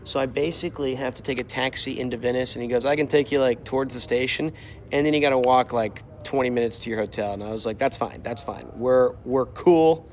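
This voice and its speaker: A young man casually telling a travel story while walking outside, animated and exasperated, acting out quotes. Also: mid-range voice, quick pace, a little hiss or hum. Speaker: streamer. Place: outdoors, walking. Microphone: mobile mic while walking.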